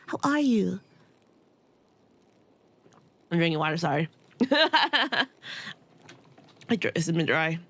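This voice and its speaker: A woman's voice: fairly low pitch, a little slow. A young woman streaming a game, chatting casually and telling stories with lots of giggles. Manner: giggly, animated storytelling with frequent laughter. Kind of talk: casual chat while gaming.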